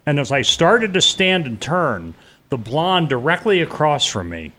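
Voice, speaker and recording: A man's voice: fairly high pitch, sing-song, unhurried, pushed and bright. A middle-aged man telling a personal story in a casual, vivid way as an interview guest, acting out the voices of the people he quotes.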